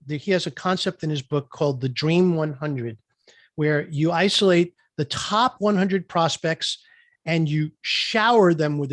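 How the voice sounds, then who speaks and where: A man's voice: fairly high pitch, no echo. A man, a guest entrepreneur, telling a business story in an interview and acting out quoted dialogue. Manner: lively storyteller who acts out quoted dialogue.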